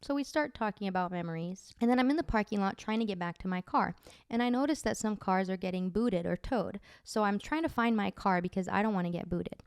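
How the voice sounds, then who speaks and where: A woman's voice: mid-range voice, a little fast, clean tone, dry recording, clean studio sound. A woman podcast host chattily telling dream stories, full of "like" fillers. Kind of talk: casual storytelling.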